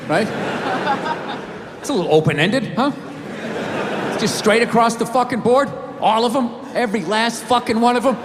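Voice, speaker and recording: A man's voice: extremely high pitch, background noise. A man doing a stand-up routine, ranting, profane and sarcastic, over audience laughter. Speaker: stand-up comedian. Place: live theater stage. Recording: echoey hall with loud crowd.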